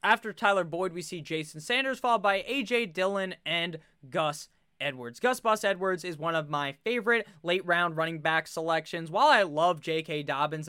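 Bright, high-voiced young man talking fantasy football. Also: clean tone, no room sound, studio quality. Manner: animated, swears freely, rambling asides. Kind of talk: casual draft commentary to camera.

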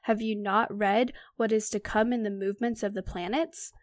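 A woman's voice: medium pitch, fairly even intonation, moderate pace, no echo, natural voice. A woman voicing a proud, angry male centaur in a book read-aloud. She makes him harsh and scolding.

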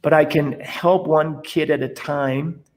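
Animated priest telling a story. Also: male voice, a little high, slow. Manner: animated storyteller, acts out dialogue. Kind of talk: interview conversation.

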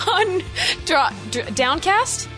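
A woman with a notably high voice trades teasing banter on a podcast. Her tone stays playful and relaxed. Soft music sits low in the background. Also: very slow. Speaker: podcast co-host. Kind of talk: casual chat.

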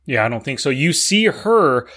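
A man's voice: medium pitch, very animated, normal speed, fairly bright tone. Easygoing man in a casual movie chat. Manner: easygoing, agreeable, joking. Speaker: podcast co-host.

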